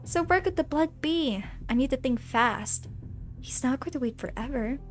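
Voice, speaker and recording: A woman streamer reads a game's story aloud in a bright, slightly high voice. She is playful and animated, mixing dramatic narration with quick asides to her chat. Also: soft background music. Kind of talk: casual let's-play, reading game text aloud.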